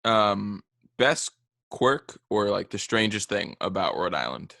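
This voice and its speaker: A man's voice: lowish voice, sing-song, takes it slowly, creaky, pushed and bright, no room sound, clean studio sound. A young man hosting a casual interview, asking brief, easygoing questions. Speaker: podcast host.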